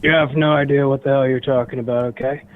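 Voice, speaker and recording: A man's voice: medium pitch, fairly even intonation, quick pace, natural voice. A man doing a blustery politician impression over a phone line. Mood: lecturing. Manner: repeats "okay?" and "quite frankly". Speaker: caller. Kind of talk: comedic impression on a call-in.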